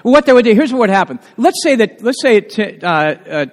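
A man preaching a sermon, talking casually with the congregation, asking them questions and building to loud, emphatic passages. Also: high-pitched, very animated, fairly quick. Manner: conversational, asks the congregation questions. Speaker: pastor. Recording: long hall reverb.

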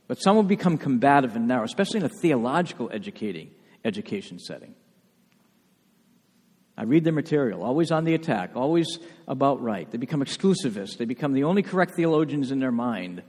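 A man preaching a sermon as pastor, emphatic, with rhetorical questions and sudden soft asides. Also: fairly high pitch, long reverb tail. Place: church sanctuary.

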